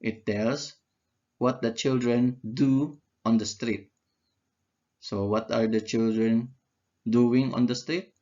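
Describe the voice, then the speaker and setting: A man's voice: medium pitch, fairly even intonation, slow pace, pauses often, dark tone, dull audio. A man teaching an English grammar lesson, who asks questions and answers them himself and repeats key words. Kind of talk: slow, deliberate grammar lesson.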